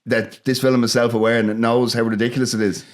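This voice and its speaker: A man's voice: mid-range voice, flat delivery, quick pace. A man with a Dublin accent co-hosting a film podcast, giving blunt opinions in a chatty way. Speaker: podcast co-host. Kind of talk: casual film chat.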